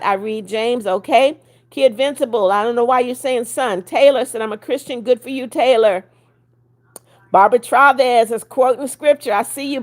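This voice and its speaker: A woman in her seventies hosting a casual livestream, greeting viewers by name and reading their comments aloud, blunt when she scolds. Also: fairly high pitch. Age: 70s. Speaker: livestream host.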